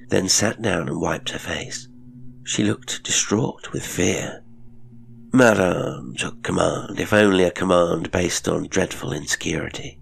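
A man narrating a ghost story in a measured, steady reading. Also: low voice, vocal fry, a little hiss or hum.

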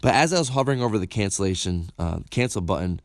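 A man's voice: on the low side, quick pace, no echo. Blunt storytelling man, dry close sound. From upstate New York. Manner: candid, animated, swears freely, repeats words. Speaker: motivational speaker. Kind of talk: personal storytelling.

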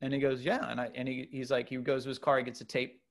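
A man's voice: mid-range voice, fast talker. Man telling a story in loose casual chat. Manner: loose and animated, many fillers and restarts.

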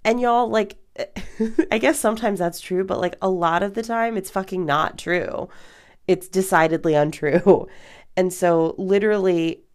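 A woman's voice: medium pitch, unhurried. A woman in her thirties hosting an advice podcast, talking candidly and casually with lots of fillers and some swearing. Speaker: podcast host.

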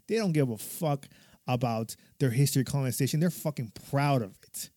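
A man's voice: mid-range voice, animated, fast, dark tone, dry recording, clean studio sound. A military veteran talking casually, rambling and swearing a lot, laughing often as he tells stories. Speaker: podcast guest or co-host, military veteran. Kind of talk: casual conversation, personal stories.

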